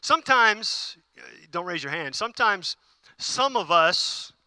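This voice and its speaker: A man's voice: high-pitched, animated, takes it slowly, sharp tone, clean tone, no echo, clean studio sound. A male pastor giving a conversational sermon, repeating key phrases and putting questions to the congregation.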